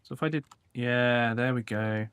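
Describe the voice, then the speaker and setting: A man's voice: mid-range voice, moderate pace, fairly bright tone, a little hiss or hum. A man streaming a building game, talking casually and thinking aloud to himself as he works. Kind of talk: casual live game commentary.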